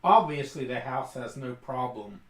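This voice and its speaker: A man runs a tabletop game as game master, narrating casually and restarting his sentences often. His voice is bright and forward. The room is echoey. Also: medium pitch, animated, unhurried.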